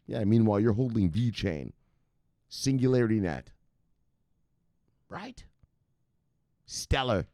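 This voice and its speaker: A man with a very low voice hosts a crypto stream from his home, swearing, laughing and shouting out his viewers. His pitch swings widely between mumbles and yells. The sound is close and dry. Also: animated, slow, pauses often, dry recording. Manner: profane, shouts "bang" at viewers' names, laughs often. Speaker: crypto news host. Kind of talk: casual livestream rant.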